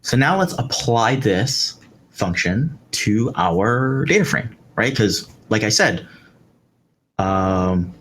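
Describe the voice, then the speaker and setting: A man's voice: lowish voice, animated, slow pace, a bit bright, slight background noise. A man teaching a live coding tutorial, explaining step by step with fillers like "um" and "right" as he works. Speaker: instructor. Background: keyboard typing.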